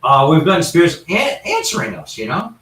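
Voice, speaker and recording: A man with a slightly raised pitch tells paranormal stories in a loose, rambling way, often restarting his sentences. He sits well back from the mic. The room around him sounds echoey. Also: huge pitch swings, fairly quick, fairly bright tone, far from the mic, a little hiss or hum. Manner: rambling, with frequent restarts and asides. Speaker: guest paranormal investigator. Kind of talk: casual anecdotal storytelling.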